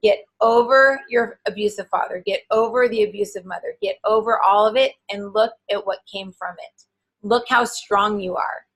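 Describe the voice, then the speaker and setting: A woman's voice: mid-range voice, steady tone, normal speed, slightly rough, lightly acted, poor audio. A woman channeling a solemn male spirit guide. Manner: solemn preaching cadence. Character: male spirit guide giving a stern blessing.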